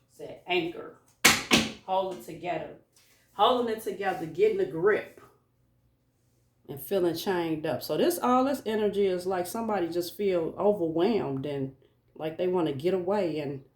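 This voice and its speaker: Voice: medium pitch, recorded from a distance. Informal tarot reader in an echoey room. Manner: musing, informal, talks to a collective audience. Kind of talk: casual spoken tarot reading. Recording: echoey room, voice away from mic.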